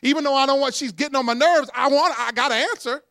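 A man's voice: very high voice, fast talker, dry recording, studio quality. A man preaching a sermon, calling on the congregation to repeat after him and telling stories with laughs. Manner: call-and-response preaching, animated storytelling with laughs. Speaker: pastor.

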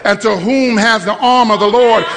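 High-voiced preacher in an echoing hall. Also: male voice, moderate pace. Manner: storytelling, builds to shouting. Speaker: pastor. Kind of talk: sermon with call-and-response. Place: church hall with live congregation. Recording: long hall reverb.

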